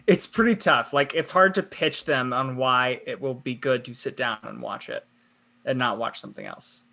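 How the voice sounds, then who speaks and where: A man's voice: medium pitch, moderate pace, gravelly, bright, forceful tone. A young man co-hosting a live podcast, chatting casually, laughing often and reading chat comments aloud. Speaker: podcast co-host.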